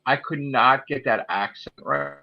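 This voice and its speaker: A man's voice: mid-range voice, measured pace. A man chatting casually late at night, rambling and swearing freely. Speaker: channel host. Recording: muffled phone audio.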